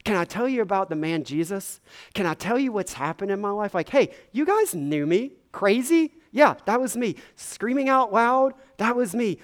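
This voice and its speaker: A man's voice: medium pitch, unhurried, lightly acted. A man voicing a freed, formerly possessed man who is overjoyed and eagerly pleading. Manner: excited, urgent, pleading.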